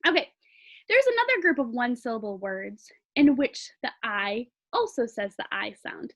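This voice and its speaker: A woman teacher giving a recorded phonics lesson, patiently sounding words out slowly for young learners. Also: on the high side, very animated, a bit bright, rough recording.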